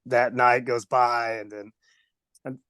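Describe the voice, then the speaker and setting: A man's voice: medium pitch, little pitch movement, slow pace, a bit bright, clean tone, no echo. A man with a slight Southern US accent, a former wrestler telling rambling stories in an interview, often laughing and acting out voices. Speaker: former pro wrestler guest. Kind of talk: casual storytelling interview.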